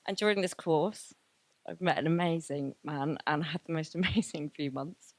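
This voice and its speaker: A woman's voice: sits low, moderate pace, no echo. A woman, giving a candid and emotional personal testimony at a graduation event. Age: 30s. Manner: candid, emotional, many fillers. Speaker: graduation speaker.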